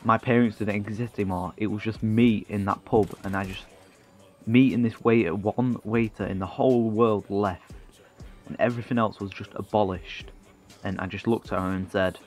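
A man's voice: fairly low pitch, fairly even intonation, moderate pace, a little mellow, soft background music. A man, telling a rambling comic story full of swearing and self-mockery.

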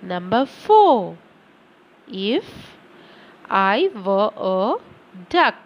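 A woman teacher giving a slow, deliberate lesson to children, reading words out one by one. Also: medium pitch, big pitch swings, lo-fi sound. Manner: slow and deliberate, reads word lists aloud; addresses children directly.

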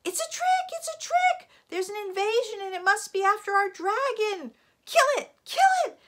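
Woman voicing angry jungle animals screeching at the top of their lungs, super high and loud. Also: expressive, moderate pace. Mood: furious. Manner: shrieking, shouting. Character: enraged wild jungle animals, screaming mob.

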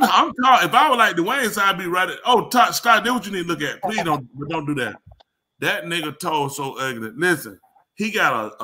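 A man's voice: fairly high pitch, bright, forceful tone. A man telling a rambling, slangy comic story to a live audience. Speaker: comedy show host.

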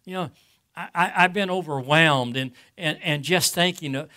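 High, bright-voiced preaching pastor. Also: male voice. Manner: preaches in swells, reading scripture slowly and emphatically; asks the congregation rhetorical questions. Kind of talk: sermon.

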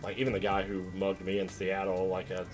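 A man's voice: low-pitched, completely flat delivery, fairly quick. A young adult man streaming a story game, chatting casually and rambling between moments of play. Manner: rambling, chatty, trails off with fillers like "like". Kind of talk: casual chat while gaming. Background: game music.

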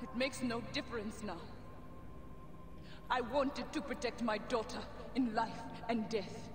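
A woman's voice: a little high, measured pace, noisy background, lightly acted. An actress voicing a dying woman villain and grieving mother in a video game, speaking in a solemn, sorrowful, pleading way. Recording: reverberant game audio with loud music.

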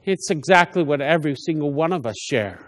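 High-voiced priest in an echoing church. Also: male voice, animated. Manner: conversational, halting with frequent restarts. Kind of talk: homily. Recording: long church reverb.

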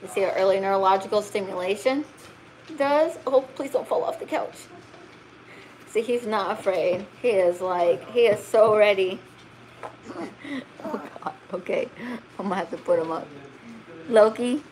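A middle-aged woman talks casually at home while handling a husky puppy, laughing and fussing over it. Her pitch sits in a plain middle range, with faint background noise and dogs nearby. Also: normal speed, pauses often, darkish tone. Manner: giggly, fussing and cooing at the puppy. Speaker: husky breeder. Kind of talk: casual vlog chat while handling puppies. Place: home, indoors by a couch.

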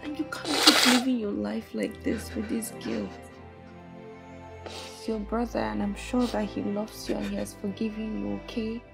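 An actress playing a gentle young woman who soothes and reassures softly in a film. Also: medium pitch, fairly even intonation, normal speed, creaky, loud music behind the voice. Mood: soothing. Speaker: comforting partner. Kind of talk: film acting.

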